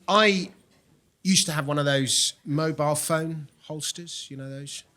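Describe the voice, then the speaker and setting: A man's voice: a little high, unhurried, pushed and bright. A man doing a stand-up comedy set on a club stage, telling wry, rambling stories into a handheld mic.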